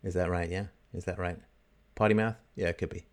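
A man's voice: sits low, fairly even intonation, a little fast. A middle-aged man hosting a livestream monologue, mocking and laughing often as he acts out quoted voices. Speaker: livestream host.

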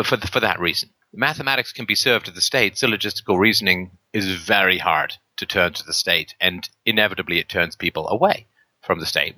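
A man's voice: sits low, sharp tone, dry recording. A man hosting a call-in show, talking emphatically with rhetorical tag questions and plenty of ums and uhs. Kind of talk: casual argumentative talk on a call-in show.

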